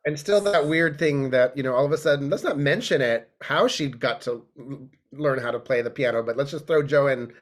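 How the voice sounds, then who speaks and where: A man's voice: mid-range voice, fairly quick. A man who is a guest on a casual podcast chat, talking in a musing way that rambles and trails off.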